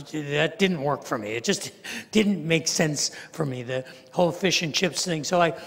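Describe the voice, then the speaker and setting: Older male pastor, conversational storyteller, higher voice, long hall reverb. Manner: conversational, self-deprecating, frequent restarts. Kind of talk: storytelling sermon. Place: large church sanctuary.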